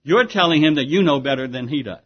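Pastor preaching, slightly high-pitched man. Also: lively intonation, fast, breathy edge. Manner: conversational preaching with rhetorical questions and restarts. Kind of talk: sermon. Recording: dull lo-fi sermon recording.

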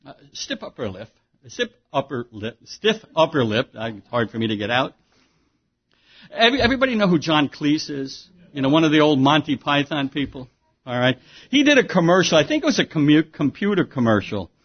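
A man's voice: a little high, big pitch swings, a little fast. A man preaching a sermon as pastor, in a conversational way with rhetorical questions and frequent restarts. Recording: dull lo-fi sermon recording.

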